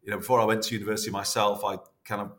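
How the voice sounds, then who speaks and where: A man, chatting warmly and rambling as a podcast guest, full of restarts. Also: fairly low pitch, level tone, racing. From North West England. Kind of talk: casual interview reminiscing.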